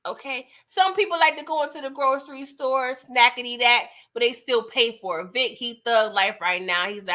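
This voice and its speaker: A woman's voice: fairly high pitch, normal speed, few pauses, pushed and bright. A woman giving a casual, slangy recap of a TV episode, chatty and laughing often. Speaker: TV recap reviewer.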